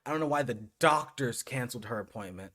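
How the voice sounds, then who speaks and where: Podcast guy rambling thru a recap, mid pitch, mumbles the quotes low. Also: animated, fast talker, a bit bright. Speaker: podcast co-host. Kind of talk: casual chat recapping a show.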